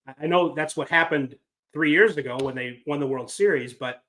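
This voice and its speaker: A man's voice: fairly high pitch, moderate pace, pushed and bright. A man hosting a casual sports talk podcast, talking in a wry, rambling, self-deprecating way. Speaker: podcast host.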